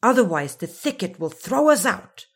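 A woman's voice: medium pitch, big pitch swings, moderate pace, husky. A woman voicing a small, fussy male creature who speaks in a precise, correcting, know-it-all way in a storybook reading. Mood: matter-of-fact. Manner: precise, correcting, matter-of-fact.

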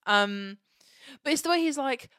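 A young Englishwoman co-hosting a podcast in casual chat, animated and sweary, acting out characters as she talks. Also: high voice, unhurried, no room sound, studio quality. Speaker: podcast co-host.

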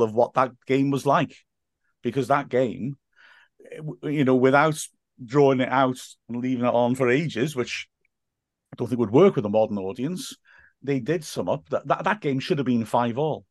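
Chatty football commentator. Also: male voice, medium pitch, no room sound, clean studio sound. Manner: chatty storyteller with many restarts. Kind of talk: casual podcast chat.

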